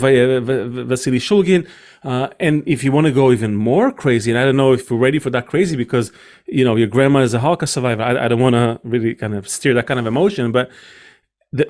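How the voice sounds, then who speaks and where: A man's voice: mid-range voice, darkish tone. A man hosting a talk podcast who reasons aloud in a casual, rambling way. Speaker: podcast host.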